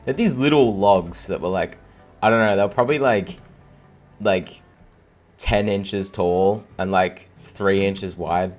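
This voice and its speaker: A young man from Australia with a very low, deep voice chats loosely while he plays, tired and full of fillers. Faint game music sits quietly underneath him. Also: a little slow. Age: 20s. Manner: rambling, filler-heavy, laughs often. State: tired, no sleep. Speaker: gaming streamer. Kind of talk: casual gameplay commentary.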